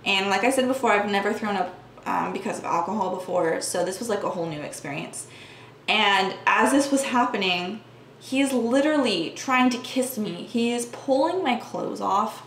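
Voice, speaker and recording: A woman's voice: medium pitch, normal speed, fairly bright tone. A woman vlogger earnestly telling her personal story to the camera, speaking casually with lots of "like" fillers. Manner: earnest, talks with frequent "like" fillers. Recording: echoey room with faint background hum.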